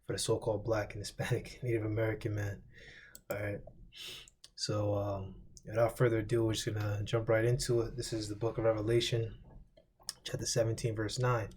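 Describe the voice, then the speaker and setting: A man's voice: fairly low pitch, little pitch movement, fairly quick, darkish tone, slightly rough. A man teaching a Bible lesson in a loose, rambling way, swearing casually and repeating lists as he recalls them. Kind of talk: informal scripture lesson.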